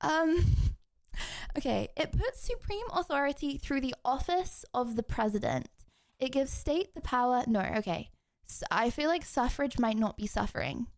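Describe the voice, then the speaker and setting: Giggly high-voiced young woman streamer. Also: big pitch swings, normal speed. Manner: giggly, self-teasing, reads questions aloud and answers them. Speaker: livestreamer. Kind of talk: casual live-stream chat.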